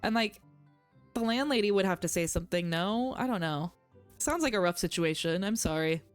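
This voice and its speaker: A woman's voice: fairly low pitch, expressive, normal speed, smooth, faint music behind. A woman streamer chatting casually and rambling while playing a dating game. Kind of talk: casual game commentary and reading dialogue.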